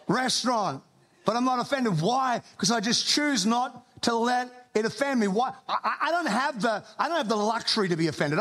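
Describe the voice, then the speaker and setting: High-voiced Australian pastor preaching. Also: male voice, fairly bright tone. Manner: conversational preaching with humorous asides and repeated restarts. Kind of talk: sermon. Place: church before a congregation.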